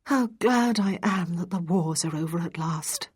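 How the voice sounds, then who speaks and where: A woman's voice: fairly low pitch, unhurried, breathy edge. A woman voicing an earnest Regency lady.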